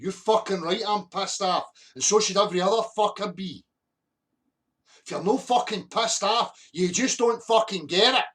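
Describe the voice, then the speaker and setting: A livestream host from Scotland delivers a blunt, heavily sweary, angry rant and calls out to viewers in the chat. His high-pitched voice is a bit bright, and his pace is moderate.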